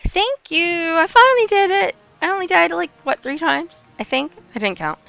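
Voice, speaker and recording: A woman streamer with a hoarse voice, chatting casually and giggling while playing a game. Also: extremely high pitch, expressive, moderate pace, hardly any pauses, a bit bright, faint music behind. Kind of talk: casual gameplay commentary.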